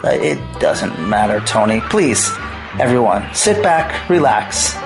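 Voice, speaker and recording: A man's voice: lowish voice, big pitch swings, slow, over music. A man hosting a satirical radio comedy hour, reading a scripted intro with dry, wry banter.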